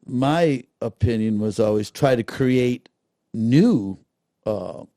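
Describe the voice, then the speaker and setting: A man's voice: mid-range voice, slow pace, no room sound, clean studio sound. A middle-aged man, telling stories in a casual interview and acting out the voices of people he quotes. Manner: animated storyteller, acts out quotes. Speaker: guest, festival director.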